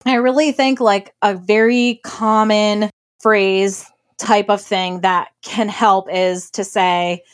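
A woman's voice: mid-range voice, steady tone, clean tone. Earnest, emphatic woman podcast co-host. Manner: emphatic, earnest, quick to laugh. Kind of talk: casual relationship advice chat.

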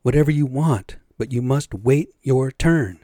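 A man's voice: mid-range voice, fairly even intonation, normal speed, dark tone, no room sound, clean studio sound, natural voice. A man voicing a stern, busy male creator spirit in a spoken storybook tale, commanding and clipped.

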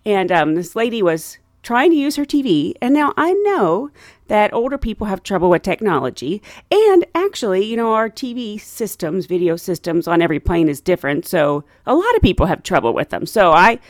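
A woman telling a story about her work as a flight attendant in a casual way, laughing often and acting out passengers in loud, high voices. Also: very animated, normal speed, no echo, clean studio sound.

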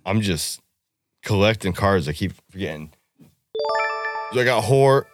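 A man's voice: lowish voice, lively intonation, measured pace, over music. A man co-hosting a podcast, brash and joking in crude casual banter during a drinking game. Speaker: podcast co-host.

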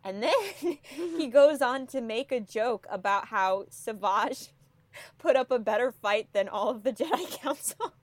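A woman's voice: fairly high pitch, animated, unhurried, no echo. Giggly woman podcast guest. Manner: giggly, amused storytelling. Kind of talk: casual chat.

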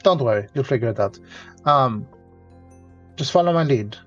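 A man's voice: mid-range voice, expressive, normal speed, faint music behind. A man narrating as game master, easygoing with frequent fillers, on dull lo-fi audio. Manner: laughs often, hesitant fillers.

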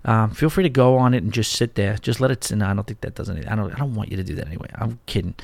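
A man's voice: lowish voice, racing, gravelly, no echo. A man hosting a podcast from his home studio, telling a story in a chatty, rambling, self-deprecating way. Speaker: podcast host. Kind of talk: casual solo podcast chat. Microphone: studio mic.

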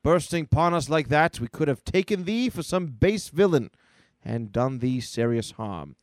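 A man's voice: fairly high pitch, very animated, moderate pace, no room sound. A man voicing a male god-warrior who speaks in stern, old-fashioned, theatrical phrasing.

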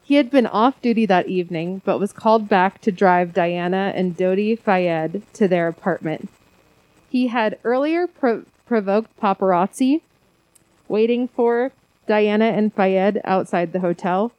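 A woman's voice: medium pitch, unhurried, no room sound, lo-fi sound. A woman co-hosting a casual conspiracy podcast, rambling and self-deprecating, often laughing. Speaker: podcast co-host.

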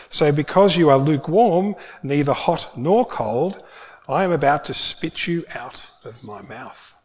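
A male pastor delivering a sermon in a fairly high voice. He preaches earnestly, leaning on key words and slowing down to press them home.

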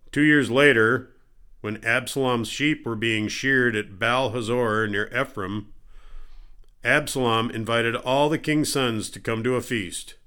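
A man reads a daily Bible passage in a steady, measured way. His voice sits in an ordinary middle range for a man, and the narration is calm and clear. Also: mid-range voice. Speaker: scripture reader.

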